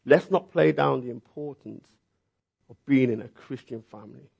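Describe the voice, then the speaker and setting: A man preaching a sermon, telling the story with lively, acted-out reactions. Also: mid-range voice, moderate pace, creaky, breathy edge, muffled recording. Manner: animated storytelling, acting out reactions.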